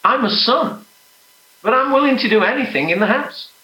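A man preaching a sermon, earnest and emphatic, sometimes dropping to soft, hushed prayer. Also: very high-pitched, animated, moderate pace, echoey room, rough recording.

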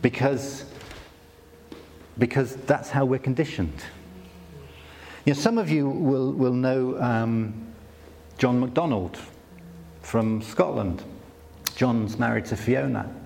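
A man's voice: mid-range voice, slow pace, vocal fry, pauses often, darkish tone, a little hiss or hum. Man preaching in a reverberant hall. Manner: conversational, self-deprecating storytelling with many restarts. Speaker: conference speaker. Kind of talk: sermon-style talk.

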